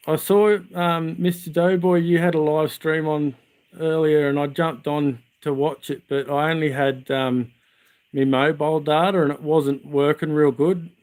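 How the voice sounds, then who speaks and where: A man's voice: mid-range voice, darkish tone. Chatty Australian man telling stories. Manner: rambling, chatty, with many restarts and "uh". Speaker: vlogger. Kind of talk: casual storytelling to viewers.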